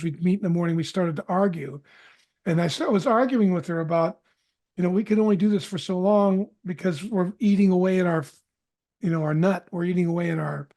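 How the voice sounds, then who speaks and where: A middle-aged man with a fairly high voice tells a personal story as a podcast guest. He is candid and restarts his sentences often. He acts out the dialogue as he tells it. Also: a little mellow. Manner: candid, self-correcting storyteller who acts out quoted dialogue.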